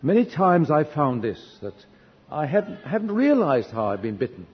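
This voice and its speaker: A man's voice: a little high, very animated, a little slow, breathy edge. A man preaching a sermon in a church, telling stories from his own life in an earnest, self-deprecating way with wry humor. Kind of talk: storytelling sermon. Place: church hall. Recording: dull echoey church recording, faint hiss.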